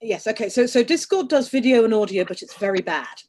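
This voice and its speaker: A woman's voice: fairly high pitch, expressive, brisk, a little mellow. A woman speaking on an online panel, chatty, teasing and opinionated. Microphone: video call.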